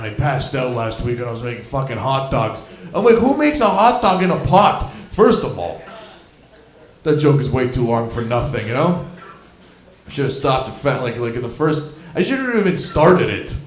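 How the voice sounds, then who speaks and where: A man's voice: on the high side, reverberant. A young man from Scarborough doing a stand-up comedy set, rambling and swearing through his stories with lots of fillers. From Scarborough, Toronto. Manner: rambling, profane, filler-heavy storytelling. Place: comedy club venue.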